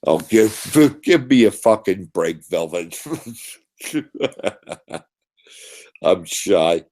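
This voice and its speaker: A man's voice: deep voice, expressive, drawn-out words, darkish tone. A man hosting a casual live-stream chat who teases guests, swears freely and laughs often. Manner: teasing, profane, laughs often.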